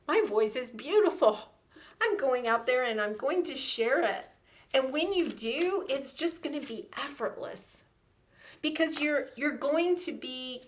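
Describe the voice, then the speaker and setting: A woman's voice: on the high side, fairly bright tone. A woman giving a tarot reading, gushing and effusive, with many fillers as she talks. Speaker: tarot reader.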